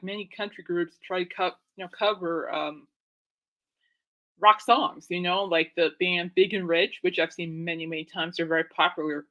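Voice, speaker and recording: Hosting her own podcast as a live stream, a woman rambles casually, full of fillers and exclamations. Her voice is fairly low yet bright with a forceful tone, and the recording is rough.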